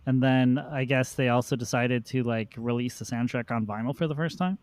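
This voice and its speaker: A man's voice: medium pitch, steady tone, fairly quick, a little mellow, no echo. A man hosting a podcast, telling long rambling anecdotes in a casual chat. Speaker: podcast host.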